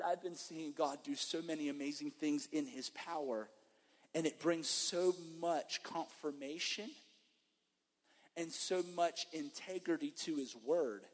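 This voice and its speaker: A man preaching as a guest pastor, moving from emphatic sermon to an animated testimony story. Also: a little high. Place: church sanctuary. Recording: long reverb of a church hall.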